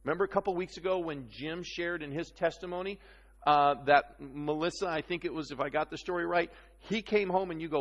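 A man's voice: high-pitched, moderate pace. A man preaching a sermon, talking casually and teasing the room, often checking in with "okay?". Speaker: pastor. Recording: long reverb of a hall.

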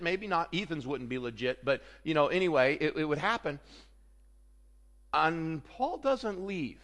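A man preaching a sermon, animated, swinging between loud outbursts and hushed remarks. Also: on the high side, big-room sound. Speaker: pastor.

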